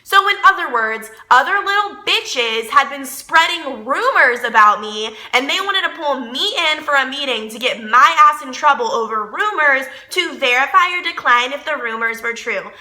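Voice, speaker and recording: A young woman vents a storytime rant straight to her viewers, cursing and sarcastic throughout. Her voice sits a little high and sounds very bright and cutting. The room behind her echoes noticeably. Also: expressive, moderate pace, few pauses. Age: young adult. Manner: profane, heated, sarcastic. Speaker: vlogger. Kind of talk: ranting storytime vlog.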